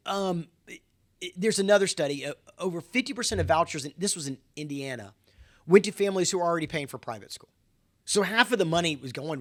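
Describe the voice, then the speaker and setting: A man giving an impassioned, emphatic monologue on education, getting worked up, repeating himself and telling listeners to wake up. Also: a little high. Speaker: education commentator.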